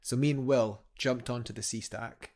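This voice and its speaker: A man's voice: medium pitch, steady tone, moderate pace, a little mellow. A young man, a guest climber, telling a story eagerly in a casual interview, rambling with fillers and restarts.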